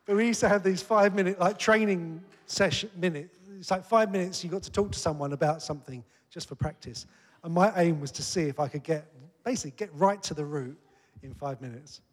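A man delivering a sermon with a fairly high voice, talking earnestly and plainly, then pressing hard on key points. His words ring out with a long reverb, as in a church hall. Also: fairly quick. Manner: earnest, conversational preaching that rises to emphatic peaks. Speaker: preacher.

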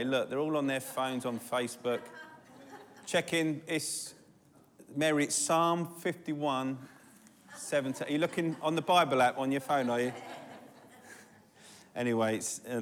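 A man's voice: medium pitch, fairly even intonation, normal speed, pauses often. A man preaching an informal sermon, telling a Bible story with joking asides and fillers, then reading a psalm aloud. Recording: long hall reverb.

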